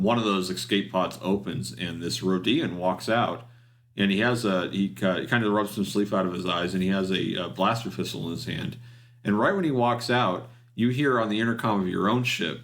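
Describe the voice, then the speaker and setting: A man narrating a tabletop game as game master, his voice sitting fairly low. He stops and restarts often, feeling his way through the scene. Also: fairly bright tone. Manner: hesitant, full of ums and restarts.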